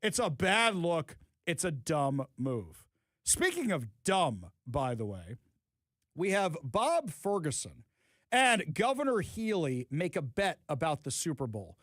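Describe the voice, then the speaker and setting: Male talk radio host, sarcastic, lively swooping pitch, dry close studio sound. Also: slow, no echo. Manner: sarcastic, animated, talks to listeners. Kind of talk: opinionated radio commentary.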